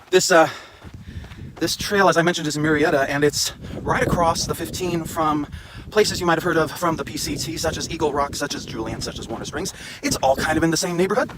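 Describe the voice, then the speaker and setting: He speaks fast in a fairly high voice while walking a hiking trail and filming himself with a handheld camera. His chat is casual and rambling, full of self-mocking jokes, with wind and traffic noise in the background.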